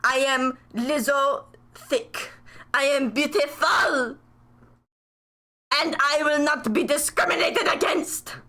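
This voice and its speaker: A vain little meatball mascot, male and grandly self-admiring, played by a woman on a live stream. He brags loudly and takes offense easily. The voice is bright and slightly high. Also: slow, full character voice. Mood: boastful.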